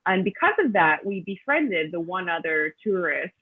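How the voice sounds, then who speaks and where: A woman's voice: on the low side, very animated, moderate pace, a little hiss or hum. A woman, a guest author, tells chatty, rambling stories full of ums and restarts over a video call. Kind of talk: casual storytelling answers. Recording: tinny phone-like line.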